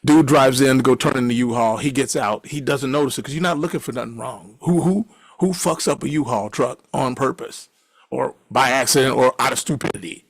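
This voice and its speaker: A man with a gravelly, husky voice rambling through a story full of cursing. He talks casually and laughs along at his own tale. The sound is dry and close, with no room around it. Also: mid-range voice, a little fast, no room sound.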